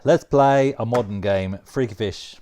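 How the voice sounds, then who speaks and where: A man giving casual, excitable commentary while playing a retro game, laughing often and talking to himself. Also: mid-range voice, measured pace. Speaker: retro gaming vlogger.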